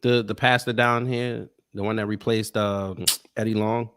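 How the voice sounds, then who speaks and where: Male guest, fairly low voice, laid-back, trailing delivery. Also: flat delivery, moderate pace, fairly bright tone, clean tone. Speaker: guest panelist. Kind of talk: casual chat.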